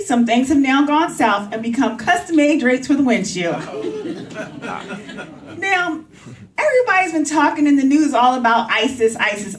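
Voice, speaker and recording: A woman performing clean stand-up comedy on a coffee house stage, talking straight to the crowd in an animated way. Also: high-pitched. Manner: animated, addresses crowd directly. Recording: roomy, from a distance.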